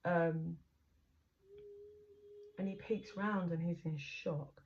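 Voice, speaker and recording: Woman, tarot reader, lowish voice, rambling casual talk, dull lo-fi sound, faint noise behind. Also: steady tone, takes it slowly, darkish tone. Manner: chatty, rambling, swears casually. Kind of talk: casual tarot reading narration.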